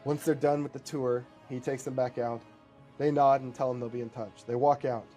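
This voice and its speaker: A man's voice: mid-range voice, steady tone, normal speed, mellow, faint music behind. A man casually improvising a story aloud, rambling with fillers.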